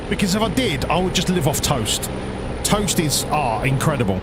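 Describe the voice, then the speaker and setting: A man's voice: sits high, moderate pace. A British man rambling crudely and jokingly to himself while driving a truck in a game. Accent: British English. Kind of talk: casual rambling commentary. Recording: loud road and engine noise behind.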